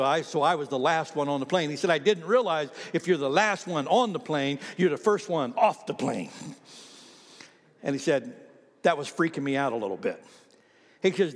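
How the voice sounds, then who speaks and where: A male pastor telling a story in a sermon, animated, climbing to high shouts at the peaks and dropping to soft whispers. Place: church sanctuary. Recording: long reverb of a large hall.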